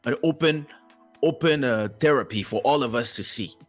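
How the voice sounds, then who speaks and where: A man's voice: mid-range voice, moderate pace, soft background music. A man whose first language is French, a podcast co-host in casual chat, telling stories animatedly and acting out other people's lines. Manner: animated storyteller who acts out other people's voices.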